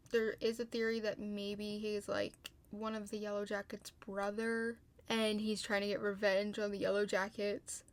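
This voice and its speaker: A young woman casually recapping a TV episode, talking fast with lots of fillers, a little tired but getting heated in her asides. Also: mid-range voice. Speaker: video host.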